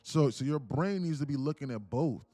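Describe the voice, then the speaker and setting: A man live-streaming futures trades, talking fast and loose with lots of fillers as he explains charts. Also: mid-range voice, no echo, faint music behind. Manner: rambling, heavy use of "like", animated. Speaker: day trading streamer. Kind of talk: live trading stream talk.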